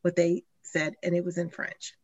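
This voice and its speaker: A woman's voice: lowish voice, flat delivery, normal speed, darkish tone, no echo, highs cut off. A woman chatting casually as a podcast guest, telling a family anecdote with side remarks. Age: adult. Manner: chatty, tells anecdotes with asides. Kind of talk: casual chat.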